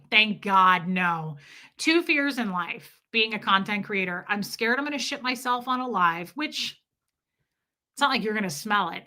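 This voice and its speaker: A woman's voice: mid-range voice, bright, forceful tone. A woman in her forties chatting casually and crudely with viewers on a live stream, telling candid stories about herself. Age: 40s.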